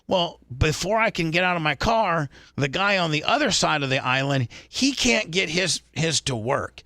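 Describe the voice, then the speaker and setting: Brief: man, radio host, bright forceful voice, dry close sound, rambling storyteller. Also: on the high side, lively intonation, normal speed, no room sound. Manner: rambling anecdote with restarts. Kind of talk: casual talk radio storytelling.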